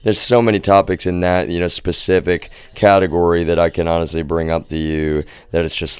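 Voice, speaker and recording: A young man rants heatedly into his streaming mic, swearing and calling his viewers "y'all". His voice sits very low and sounds smooth and resonant. The sound is dry and close, with little room around it. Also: little pitch movement, moderate pace, dry recording. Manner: heated, profane, repeatedly addressing viewers as y'all. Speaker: livestream host. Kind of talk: ranting livestream monologue.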